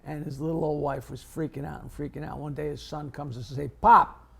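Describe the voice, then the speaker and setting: A man's voice: a little high, flat delivery, fast talker, gravelly, mellow, breathy edge. A man co-hosting a comedy podcast, teasing his guests and telling jokes in a wisecracking way. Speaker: comedian co-host. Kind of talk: casual chat, joke telling.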